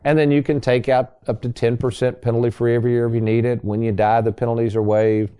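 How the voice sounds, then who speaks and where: A man's voice: mid-range voice, level tone, quick pace, warm tone, clean tone. A man hosting a radio talk show as a financial advisor, folksy and salesy, speaking to listeners as folks.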